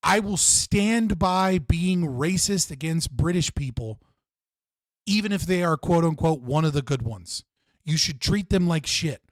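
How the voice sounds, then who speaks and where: On his live stream, a man rants about politics, heated and profane, repeating himself for emphasis. His voice is on the high side, expressive and unhurried, with clean studio sound and no room noise.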